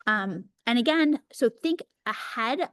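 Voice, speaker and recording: A woman in her thirties teaching an early childhood workshop over a video call, chatty and energetic, slowing down to demonstrate words. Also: fairly high pitch, clean tone, dry recording, clean studio sound. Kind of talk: teaching a live webinar.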